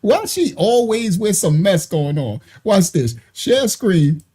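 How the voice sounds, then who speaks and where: A woman's voice: medium pitch, sing-song, a little slow, warm tone, husky. A woman hosting a live reaction stream at her computer, chatty and mocking, laughing often and using plenty of slang. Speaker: livestream host. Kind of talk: reaction commentary livestream. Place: at a computer, sharing her screen.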